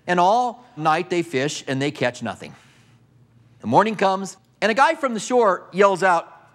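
Animated male preacher telling a story. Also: high-pitched, a little slow. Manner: vivid storytelling, asks the listeners questions. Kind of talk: sermon.

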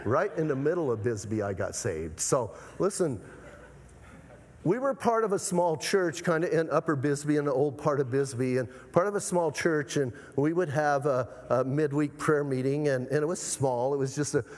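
A pastor from Arizona preaching a sermon in an emphatic manner, repeatedly urging the congregation to listen. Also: male voice, on the high side, normal speed, darkish tone. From Arizona, USA. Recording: long hall reverb.

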